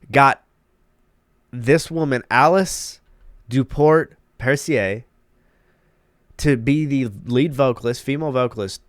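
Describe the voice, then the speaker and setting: A congested man with a stuffed-up nose hosts his own channel, delivering emphatic, opinionated commentary and repeating key words for effect. His voice is medium in pitch, recorded in a clean studio with no echo.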